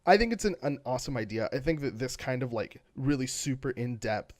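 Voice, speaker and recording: A man's voice: mid-range voice, expressive, brisk, no echo, studio quality. A man co-hosting a gaming podcast, talking in a loose, rambling way full of fillers and restarts. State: has the hiccups. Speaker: podcast co-host. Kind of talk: casual chat.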